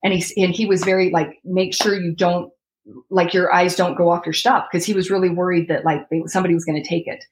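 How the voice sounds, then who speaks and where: A woman's voice: on the low side, flat delivery, fast, a little hiss or hum, low-quality recording. A woman in her thirties telling her personal story as an interview guest, reliving her own past words.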